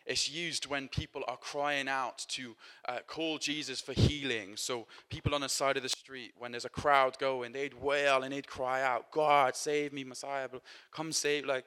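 A man's voice: mid-range voice, bright, forceful tone. A man preaching a sermon in a conversational way, with many fillers and restarts, moving between scripture and personal stories.

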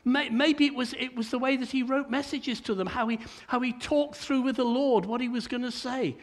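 Older male preacher, very high voice, chatty sermon full of stammered restarts. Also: fairly even intonation, normal speed.

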